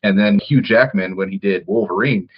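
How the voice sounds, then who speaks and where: A man's voice: lowish voice, moderate pace, breathy edge. A male co-host with a Midwestern US accent, talking through a show discussion in a hesitant way, full of fillers and restarts. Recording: slightly muffled lo-fi sound.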